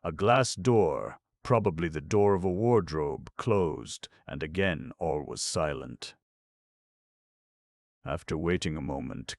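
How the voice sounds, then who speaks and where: A male audiobook narrator with an extremely low, gravelly voice reads classic fiction in measured, literary scripted narration. The recording is dry and close, with no room sound.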